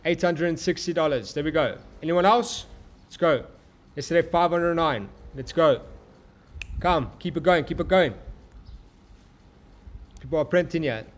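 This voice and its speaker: A young man hosting a live trading stream, hyping up his chat and turning to a profane, heartfelt motivational talk. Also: sits high. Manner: hyped, profane, motivational, addresses chat as bro. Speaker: trading livestream host.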